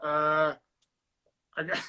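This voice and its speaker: High-voiced man telling a dating story. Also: very slow, smooth, rough recording. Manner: animated, acts out quoted voices. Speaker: co-host. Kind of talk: casual storytelling chat.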